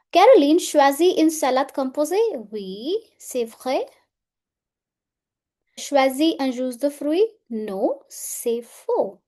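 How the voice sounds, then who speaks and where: Slow, high-voiced woman teaching French. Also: dark tone. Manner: patient, repeats each word then translates it. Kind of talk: beginner language lesson.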